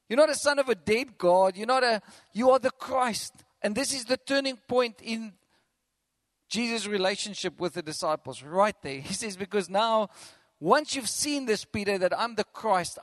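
A man preaching a sermon as pastor, animated, acting out quotes and chuckling between points. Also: high voice, moderate pace, no echo.

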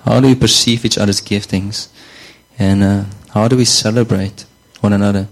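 A man's voice: fairly low pitch, steady tone, moderate pace, low-quality recording. A man preaching a sermon in a conversational way, often repeating words and saying "you know".

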